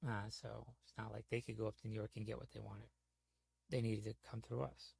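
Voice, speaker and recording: Gravelly low-voiced man telling stories. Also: little pitch movement, fairly quick, darkish tone, dry recording. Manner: rambling, profane, frequent "you know". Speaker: gaming streamer. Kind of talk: casual storytelling chat.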